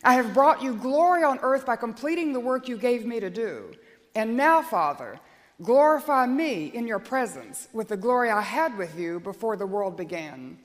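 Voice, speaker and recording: A woman's voice: on the high side, sing-song, moderate pace, in a large hall. A woman preacher delivering an earnest, emphatic sermon and prayer in a church.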